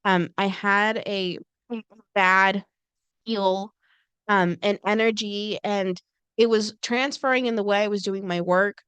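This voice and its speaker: A woman's voice: medium pitch, steady tone, slow, fairly bright tone, smooth, dry recording. A woman co-hosting a podcast, telling a personal story in casual chat and acting out quoted lines. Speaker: co-host.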